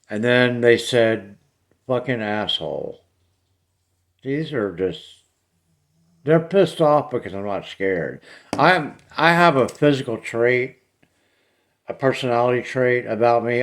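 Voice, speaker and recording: A man, talking bluntly and plainly to camera about his paranormal recordings. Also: medium pitch. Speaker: paranormal vlogger. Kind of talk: casual talk to camera.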